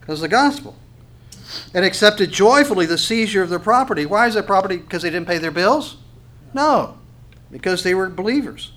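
Preacher, male, fairly high voice, poses questions then answers, restarts and repeats for emphasis. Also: lively intonation, brisk, fairly bright tone. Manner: asks questions and answers them himself. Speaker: pastor. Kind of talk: sermon with scripture reading.

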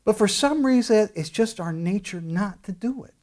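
A man's voice: high voice, animated, moderate pace, darkish tone. A middle-aged man preaching a sermon as pastor, conversational and full of restarts, rising to bursts of emphasis.

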